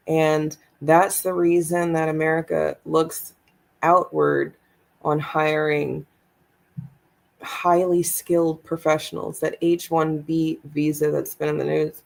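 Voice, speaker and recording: A woman's voice: on the low side, vocal fry, darkish tone. A woman hosting a live stream, reacting to a clip and musing aloud with many asides. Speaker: host.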